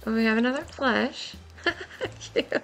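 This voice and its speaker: A young woman giving excited, giggly commentary while playing a game, her voice worn from a long stream. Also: on the high side, slow. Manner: gushing, giggly, exclaims often. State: voice nearly gone, worn.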